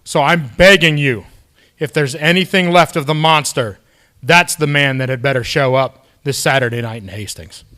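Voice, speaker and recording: A man cutting a wrestling promo with cold, measured threats to his opponents. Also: on the high side, sharp tone.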